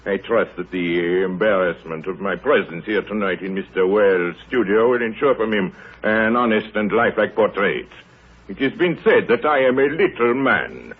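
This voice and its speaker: Vain Belgian sleuth, tinged, deep and raspy; crackly 1930s radio. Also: male voice, narrow, tinny audio. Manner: pompous, formal, slightly broken English. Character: fussy vain little male Belgian detective. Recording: scratchy 1930s radio broadcast.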